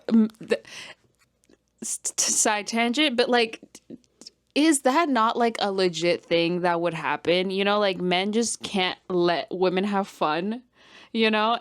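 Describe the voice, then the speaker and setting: A young woman vlogging casually about a book she is reading, talking in an animated way, laughing often and swearing freely. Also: mid-range voice, clean tone. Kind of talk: casual vlog chat.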